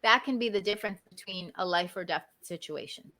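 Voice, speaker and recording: A woman speaks as a guest in a casual interview, her voice sitting a little low. She tells her story in an animated way and keeps checking in with "right?". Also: brisk. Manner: animated, often adds "right?".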